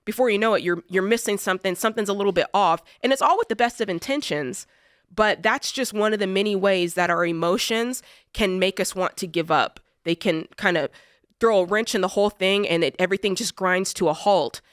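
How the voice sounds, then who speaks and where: A woman co-host tells a story from her past with lively emphasis, circling back on her key phrases. Her voice sits at an ordinary middle pitch. The studio sound is close and dry, with no room echo. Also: brisk, clean tone. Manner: animated, emphatic storyteller who repeats phrases for effect. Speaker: co-host of a money advice show. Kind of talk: personal storytelling in studio conversation. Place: radio studio.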